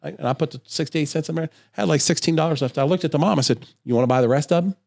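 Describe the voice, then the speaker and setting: A man's voice: a little high, racing, gravelly, no room sound, clean studio sound. A middle-aged man co-hosting a podcast, telling a long anecdote in casual chat and acting out other people's voices as he goes. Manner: animated storyteller, acts out voices in anecdotes. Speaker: podcast co-host.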